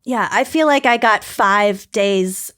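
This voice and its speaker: A woman co-hosting a podcast, chatting casually with a friend in a wry, sardonic way and pausing for effect. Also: medium pitch, a bit bright, smooth. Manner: wry, sardonic humor with dramatic pauses. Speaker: podcast co-host. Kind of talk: casual chat between friends.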